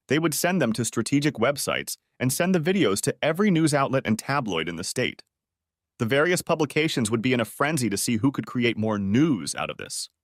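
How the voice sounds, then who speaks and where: A man narrating a first-person story in a calm, matter-of-fact way. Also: medium pitch, dry recording, clean studio sound.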